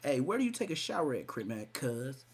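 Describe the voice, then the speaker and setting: Dude on a live podcast clowning somebody, cussing a lot, gets loud sometimes. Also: male voice, medium pitch, sing-song, a little fast, slight background noise. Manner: mocking, profane, loud outbursts. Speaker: podcast host. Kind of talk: live-stream roast commentary.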